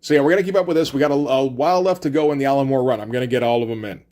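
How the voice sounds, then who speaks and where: A man's voice: medium pitch, very fast, darkish tone. A man giving a loose, casual comic book review, acting out lines of dialogue and swearing freely.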